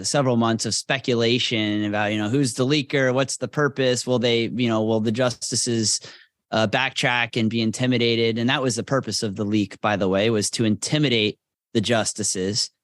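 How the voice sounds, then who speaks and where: A man explains events at a measured pace, stopping for small fillers. The sound is dry and close, with no room echo. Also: mid-range voice, fairly even intonation. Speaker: guest, attorney and radio host. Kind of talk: casual talk.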